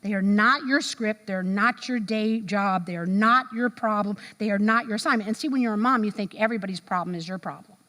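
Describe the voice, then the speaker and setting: A middle-aged woman teaching a Bible study to a room of women in a lively sermon style, acting out voices and reactions as she goes. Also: mid-range voice, brisk, hardly any pauses. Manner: animated, acts out voices and reactions. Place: large room with an audience of women. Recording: long hall reverb.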